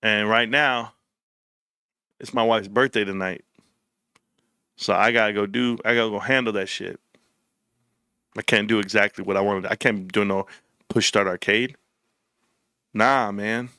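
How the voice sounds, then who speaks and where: A man's voice: on the low side, fairly even intonation, unhurried, pauses often, bright, forceful tone, smooth, dry recording, studio quality. A man hosting a casual livestream, reading comments and telling loose, profane stories with frequent laughter. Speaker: livestream host.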